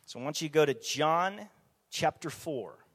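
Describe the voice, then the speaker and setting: High-voiced man preaching in a reverberant hall. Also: normal speed, husky. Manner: animated, asks the audience rhetorical questions. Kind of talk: conversational sermon.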